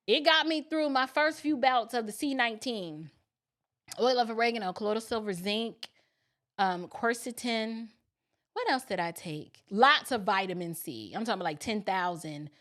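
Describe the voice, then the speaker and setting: A woman's voice: mid-range voice, fairly bright tone. A middle-aged woman who grew up in New York City, hosting a casual livestream and chatting in a folksy way straight to her viewers. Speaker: livestream host.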